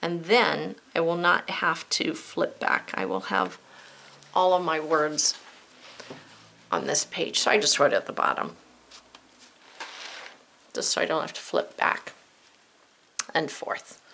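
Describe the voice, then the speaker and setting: A woman's voice: low voice, slow pace, gravelly, long pauses, bright, forceful tone, a little hiss or hum. A woman teacher giving a patient, step-by-step spelling lesson, spelling words out letter by letter and checking in with young learners. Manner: addresses young learners directly with friendly checks.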